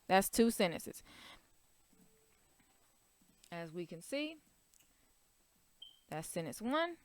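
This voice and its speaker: An elementary school teacher explains a writing lesson to young children in short, simple steps, patiently checking in with "right?" and "okay?" She has a fairly low, very animated voice, speaks extremely slowly, and pauses often.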